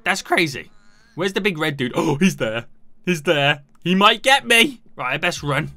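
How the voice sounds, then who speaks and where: A man giving excited gameplay commentary, shouting and talking to himself as he plays. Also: a little high, normal speed, no echo. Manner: animated, shouts and talks to himself while playing. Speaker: gaming YouTuber.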